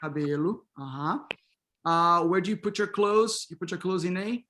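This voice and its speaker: A man's voice: high-pitched, normal speed, fairly bright tone, a little hiss or hum. A middle-aged man leading an online pronunciation workshop over a video call, calling on students and repeating words back with frequent affirmations. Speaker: workshop instructor.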